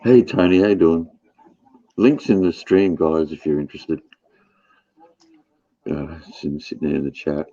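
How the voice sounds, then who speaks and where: A man's voice: rumbling low, fairly even intonation, normal speed, pauses often, mellow, no room sound, highs cut off. A man hosting a livestream, chatting casually, swearing and laughing often. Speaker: livestream host. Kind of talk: casual chat.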